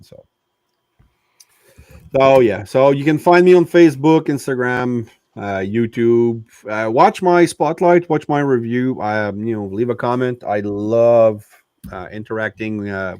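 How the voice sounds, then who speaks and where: A man's voice: mid-range voice, measured pace, a little mellow, smooth, no room sound, studio quality. A man chatting casually as a guest reviewer, rambling and laughing now and then. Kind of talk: casual chat.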